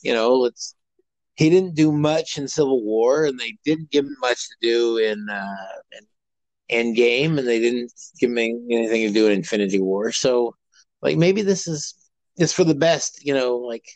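A man's voice: mid-range voice, a little mellow, no room sound, low-quality recording. Rambling man in casual podcast chat. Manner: rambling, halting, with many fillers and restarts. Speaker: podcast co-host.

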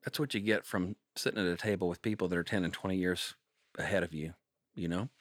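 A man in his thirties telling family stories in a casual interview, animated and full of jokes. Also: deep voice, fast talker, no echo, clean studio sound. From Kansas, United States. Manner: animated, jokey storyteller. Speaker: singer-songwriter guest.

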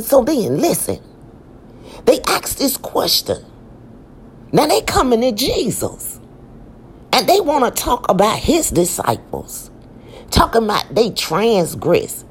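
A woman's voice: mid-range voice, a little hiss or hum. A woman giving an informal Bible teaching, emphatic and repeating her phrases as she preaches.

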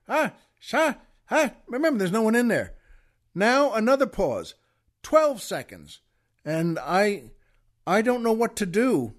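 A man hosting a show, telling a comic story in an animated way, stammering as he acts out the outbursts. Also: high-pitched. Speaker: podcast host.

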